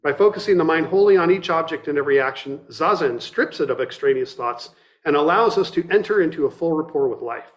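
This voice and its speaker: Partly reading from a book, a middle-aged meditation teacher gives a dharma talk with a reflective, measured tone and regular restarts. He sounds a little high and animated.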